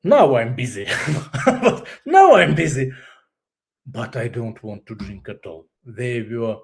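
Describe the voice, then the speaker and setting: A man from Russia with a Russian accent, a guest telling his personal story candidly in English, his second language, pausing to search for words and laughing often. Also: medium pitch, big pitch swings, creaky, darkish tone, slight background noise.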